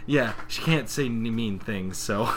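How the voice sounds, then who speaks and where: A young man co-hosting a podcast, retelling cartoon scenes with swearing, laughs and squeaky character voices. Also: a little slow, a bit bright, slight background noise. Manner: swears a lot, laughs often. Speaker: podcast co-host. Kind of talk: casual recap chat.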